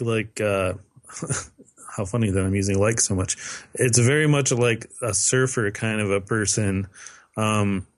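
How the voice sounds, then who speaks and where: A man co-hosting a podcast in casual chat, rambling with lots of fillers and self-corrections. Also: fairly low pitch. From lives in western Canada. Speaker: podcast co-host.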